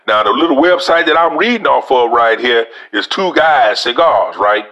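A man's voice: mid-range voice, animated, moderate pace, hardly any pauses, fairly bright tone, dull audio. A man with a Louisiana accent giving a casual cigar review, talking folksy and straight to his viewers as y'all.

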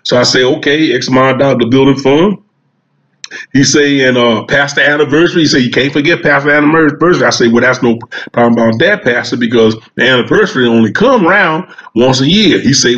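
A man's voice: medium pitch, brisk, fairly bright tone. A man telling a long, folksy comic story and acting out the dialogue. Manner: folksy, drawling Southern storytelling with quoted dialogue. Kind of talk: storytelling stand-up monologue. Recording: dull, muffled sound.

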